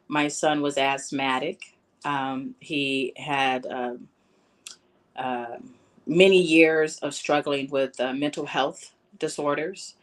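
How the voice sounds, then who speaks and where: A middle-aged woman with a very low voice speaks in personal testimony, halting often with fillers. She is close to tears. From Chicago, USA. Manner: halting, emotional, many fillers. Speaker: bereaved mother speaking at a town hall.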